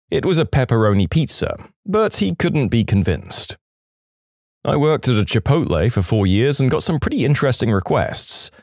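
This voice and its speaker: A man narrating a string of reader-submitted service-job stories in a wry, deadpan way. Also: medium pitch, no echo, studio quality.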